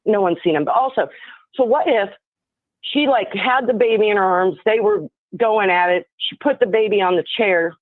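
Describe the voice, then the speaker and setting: A woman's voice: mid-range voice, moderate pace, no room sound. A woman phones into a live show and rambles through her thoughts, piling up fillers and half-finished sentences. Her voice sits in a middle range and comes through a thin, tinny phone line. The sound is dry and close. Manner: rambling, full of fillers and restarts. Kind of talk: casual speculative chat.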